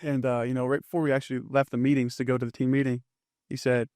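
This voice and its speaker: Brief: young male athlete guest, quick chatty storyteller, dry close sound. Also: medium pitch, level tone, a little mellow, dry recording. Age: young adult. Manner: fast storytelling with lots of fillers. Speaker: football team captain guest. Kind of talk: casual chat.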